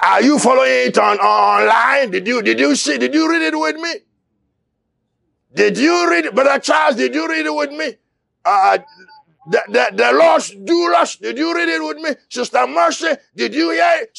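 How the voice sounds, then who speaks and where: A man preaching a fiery sermon, shouting and crying out, repeating his words as he presses his listeners. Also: very high voice, gravelly, no room sound.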